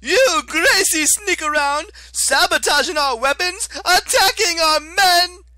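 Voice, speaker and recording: A man voicing a shrill, arrogant young male augur who shrieks frantically. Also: takes it slowly, pushed and bright, heavily acted. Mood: shrieking fury.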